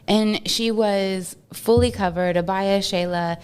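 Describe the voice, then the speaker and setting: A woman from Texas, a podcast guest, telling stories in an animated, casual way and laughing often. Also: mid-range voice, slow pace, clean tone. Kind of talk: casual storytelling interview.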